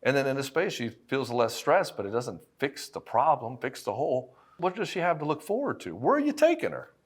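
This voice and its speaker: A man's voice: mid-range voice, sing-song, fairly quick, husky. Blunt, swearing man coaching husbands. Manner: blunt, profane and emphatic, addressing the listener directly. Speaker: relationship coach. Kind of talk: direct-to-camera monologue.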